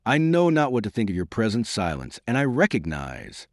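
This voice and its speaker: A male reader voicing a courteous, shrewd young baron who speaks in a measured, formal way. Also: fairly low pitch, wildly swooping pitch, no room sound, studio quality. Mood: courtly.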